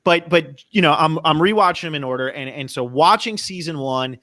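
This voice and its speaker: A man hosts a casual podcast with enthusiasm, often repeating a word as he starts a sentence. His tone is bright and forward. The recording is dry, with no room echo. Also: a little high, brisk. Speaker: podcast host.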